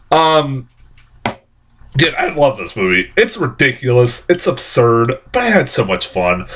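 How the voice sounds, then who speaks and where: A man's voice: mid-range voice, a bit bright. A man giving a casual spoken movie review, rambling, swearing a lot and often laughing.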